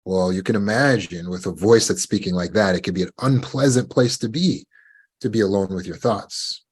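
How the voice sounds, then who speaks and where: Self-help speaker, male, husky low voice, measured delivery with rhetorical questions. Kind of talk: motivational talk.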